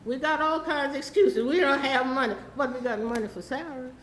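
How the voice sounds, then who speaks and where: A woman's voice: sits high, fairly quick, echoey room, a little hiss or hum, low-quality recording. A woman, rambling and pleading through a public comment at a city council meeting. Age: 80s.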